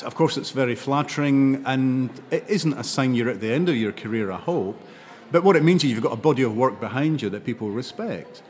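An older man from Scotland with a Scottish accent, a novelist guest telling stories in an animated way, laughing often. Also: medium pitch, in a large hall. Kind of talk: interview conversation.

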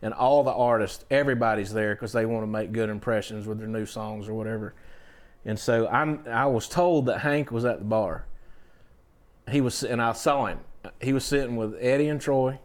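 A man's voice: mid-range voice, normal speed. A middle-aged man, a songwriter telling stories in a casual interview and acting out the people he quotes. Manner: animated, acts out quotes in other voices. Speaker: guest songwriter.

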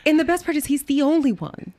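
A woman's voice: high voice, quick pace, warm tone, no echo. A woman, a guest, telling a chatty story on a podcast and laughing along the way. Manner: chatty, laughs through her stories. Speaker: guest, a co-host's wife.

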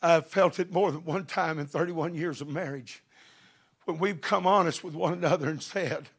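Middle-aged male preacher, high-pitched and gravelly, fervent. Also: moderate pace. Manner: fervent, building to shouted passages. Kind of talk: sermon.

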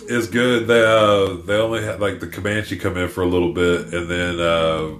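A man's voice: sits low, steady tone, normal speed, fairly bright tone, slight background noise. A man co-hosting a casual podcast chat, laid-back and agreeable, laughing along. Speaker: podcast co-host. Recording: echoey room with faint guitar music.

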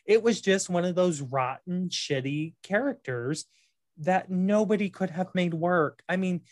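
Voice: mid-range voice, unhurried, dry recording. Dry-voiced opinionated podcast co-host. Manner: animated, opinionated, many fillers. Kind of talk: casual chat.

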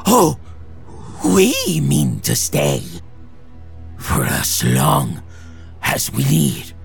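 A man voicing cruel old hags who gloat and hunger for human flesh, stretching their words out slowly. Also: mid-range voice, wildly swooping pitch, creaky, husky, soft background music, full character voice. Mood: taunting. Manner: taunting, gloating, drawn-out words.

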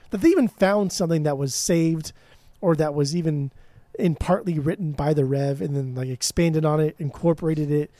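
A man with a slightly high, dark-toned voice and no room sound co-hosts a podcast. He chats casually about an album in a music review, brash and teasing, swearing freely.

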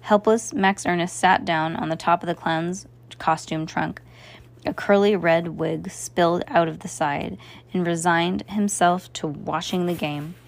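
A woman's voice: fairly low pitch, fairly even intonation, measured pace, vocal fry. A woman narrating a storybook, often stumbling and restarting her phrases. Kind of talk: storybook reading.

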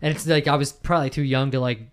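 A man hosting a casual podcast chat, laid-back and quick to laugh. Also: medium pitch, steady tone, clean tone. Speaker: podcast host.

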